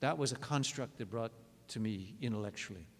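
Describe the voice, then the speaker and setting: Man rebutting with a lively anecdote. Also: medium pitch, fairly quick. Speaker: state legislator. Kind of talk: floor debate speech. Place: large legislative chamber. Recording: long chamber reverb.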